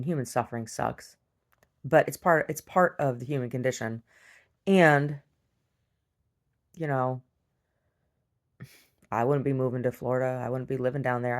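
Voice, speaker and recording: Blunt, profane woman with a low voice, venting in a home video diary. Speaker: video diarist. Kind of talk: casual video diary rant. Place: rural property at home.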